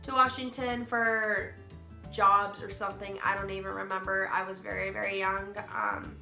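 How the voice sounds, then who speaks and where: A woman's voice: mid-range voice, little pitch movement, normal speed, gravelly, sharp tone. A young woman with a stuffy nose from a cold, casually telling personal stories in a rambling way with many ums. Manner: rambling, lots of ums and restarts. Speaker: vlogger. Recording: roomy echo, faint music.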